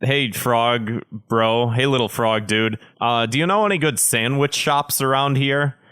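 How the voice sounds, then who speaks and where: A man's voice: medium pitch, measured pace, a bit bright, clear, resonant tone, pitched below the performer's own voice, lightly acted. A man voicing a fussy fox in a told fable, rambling and pleading. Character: fussy male fox craving a sandwich.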